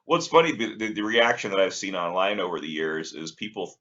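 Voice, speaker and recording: Deep, bright-toned male interviewer. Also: lively intonation, fairly quick. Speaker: co-host and interviewer. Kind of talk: podcast interview questions. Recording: dull lo-fi podcast audio.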